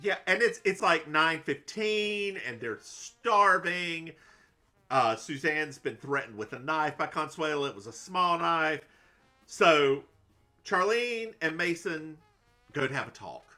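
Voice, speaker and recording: Southern-raised man, podcast co-host, snarky and giggly, lively pitch swings. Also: slow pace, faint music behind. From American South. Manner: snarky, laughs often, stumbling restarts. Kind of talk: casual recap chat.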